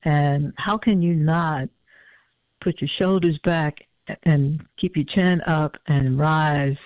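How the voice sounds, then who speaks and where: Man in his fifties, musician guest, slightly high voice, thoughtful and halting, muffled lo-fi sound. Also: steady tone, a little mellow, no echo. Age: 50s. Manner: reflective, halting with many fillers. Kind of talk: casual interview conversation. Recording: dull lo-fi audio.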